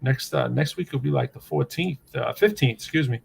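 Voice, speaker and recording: Gravelly rambling New host. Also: male voice, medium pitch, brisk, a little hiss or hum. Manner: loose, rambling, joking. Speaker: show host. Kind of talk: casual live show banter.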